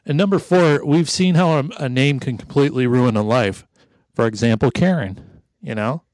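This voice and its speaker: A male podcast co-host with a mid-pitched voice, dry and wry, dropping profanity while he walks through his research. He is recorded close on a mic in a dead, dry space. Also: normal speed, a little mellow, no echo. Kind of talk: casual podcast chat.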